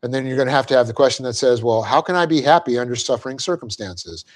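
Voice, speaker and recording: A middle-aged man giving a classroom lecture on Greek grammar as a Bible teacher, explaining patiently, often checking in with his class and laughing at his own slips. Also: mid-range voice. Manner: light-hearted, quick to laugh at himself. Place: church classroom.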